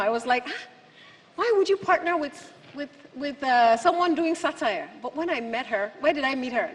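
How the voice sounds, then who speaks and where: Emphatic woman giving a speech. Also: fairly high pitch. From Nigeria. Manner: emphatic, rhetorical questions to the audience. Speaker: keynote speaker. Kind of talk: public speech. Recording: long hall reverb from a venue.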